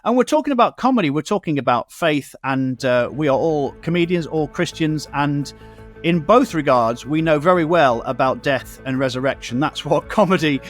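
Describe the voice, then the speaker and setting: A man's voice: on the high side, expressive, normal speed, soft background music. A man from Britain hosting a radio talk show, chatting casually and telling stories with quoted asides. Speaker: host.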